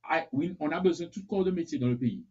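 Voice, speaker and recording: A host with a husky, mid-pitched voice speaks in a conversational way, slipping between French and English. The recording is muffled and lo-fi. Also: rapid-fire, dark tone. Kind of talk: casual chat.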